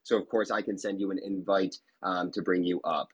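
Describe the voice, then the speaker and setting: Male moderator, slightly husky and a bit low. Polite, upbeat, formal, over a remote call. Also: steady tone, a little fast. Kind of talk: moderating a live audio room.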